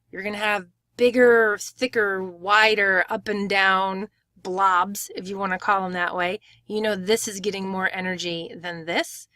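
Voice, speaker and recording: Clear woman teaching pronunciation. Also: mid-range voice, a bit bright, dry recording, clean studio sound. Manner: clear, step-by-step explaining with demonstrated words. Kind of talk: screen-share tutorial.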